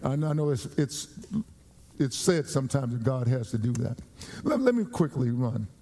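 A male pastor preaching a sermon, emphatic and repetitive, rising in pitch as he grows fervent. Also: expressive, normal speed, warm tone. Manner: emphatic, repeats phrases, rises in pitch when fervent. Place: church.

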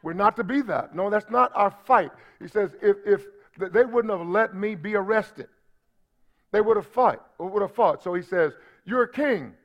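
Preaching in a high-pitched voice at normal speed, a man explains scripture and prompts his congregation to answer back with call-and-response asides. The sermon comes through as dull, lo-fi audio.

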